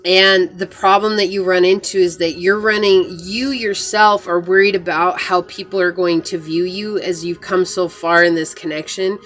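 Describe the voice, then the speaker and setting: Low-voiced woman giving a chatty tarot reading. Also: fairly even intonation, normal speed, hardly any pauses, a bit bright, faint music behind. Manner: chatty and earnest, many "like" fillers. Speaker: tarot reader. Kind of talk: casual tarot reading to camera.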